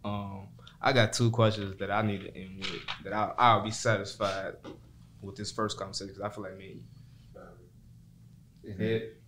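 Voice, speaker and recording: Low-voiced male podcast host, easygoing. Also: flat delivery, normal speed, long pauses, a bit bright, slight background noise. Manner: easygoing, short agreeing replies and plain questions. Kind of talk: casual interview talk.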